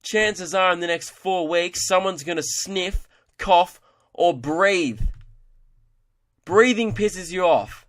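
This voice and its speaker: A man's voice: high-pitched, a bit bright. A young man hosting a comedy podcast, ranting in an exasperated, sweary monologue. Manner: exasperated, ranting, sweary, mimics people in quick voices.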